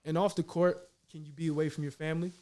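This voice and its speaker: A man in his thirties, a professional basketball player from Minnesota, chatting as a guest and telling lively stories in casual slang. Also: on the high side, quick pace. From Minnesota, United States. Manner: animated storytelling, slangy, repeats "you know what I mean". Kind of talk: casual conversation.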